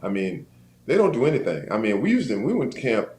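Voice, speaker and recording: A man, a retired football player, casually telling stories as a guest in an interview, animated and acting out the voices of the people he quotes. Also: lowish voice, fast talker. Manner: animated storyteller who acts out quoted voices. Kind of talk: casual storytelling chat. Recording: roomy echo, faint background noise.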